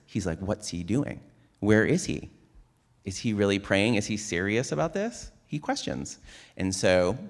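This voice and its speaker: A man retelling a story at a Shabbat service, in a casual conversational way. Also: low voice. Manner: casual, with frequent "like" and restarts. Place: synagogue sanctuary.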